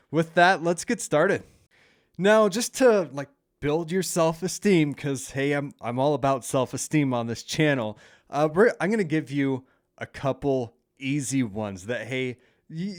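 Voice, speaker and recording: A man's voice: no echo, clean studio sound. Chatty man hosting a casual quiz. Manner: chatty, peppered with "hey" and "uh", lively pitch swings. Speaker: channel host running a quiz game.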